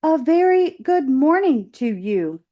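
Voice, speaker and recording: A calm, courteous robot from a children's storybook speaks in slow, measured sentences, as a woman teacher reads her part aloud. Every phrase is formal and even. The pace is unhurried, like a read-aloud for kids. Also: high-pitched, highs cut off, voice pushed up, heavily acted. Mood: polite. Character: friendly female robot, calm and polite.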